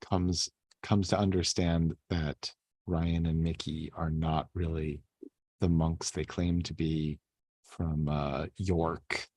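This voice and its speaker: A man's voice: a bass voice, level tone, slow pace, darkish tone, dry recording. A man co-hosting a podcast in casual chat, rambling loosely and swearing offhandedly. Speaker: podcast co-host.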